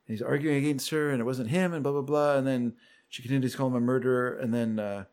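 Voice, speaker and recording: A man talks fast in a medium-pitched voice while recapping a show on a podcast he co-hosts. It's casual chat, and his storytelling is lively, with him voicing the characters' lines as he goes.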